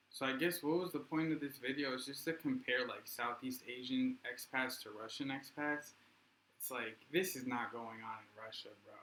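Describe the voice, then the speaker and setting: A man's voice: mid-range voice, bright, forceful tone, slight background noise. A young man rambling in casual vlog commentary. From United States. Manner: rambling, loose and conversational. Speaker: vlogger. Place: indoors in Russia. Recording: echoey room.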